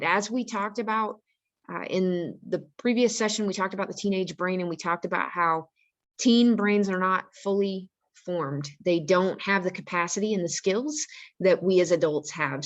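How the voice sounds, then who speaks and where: A woman on the staff of a school, talking earnestly and practically to parents and giving them advice on handling angry teenagers. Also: lowish voice. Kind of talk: informal parent-education talk.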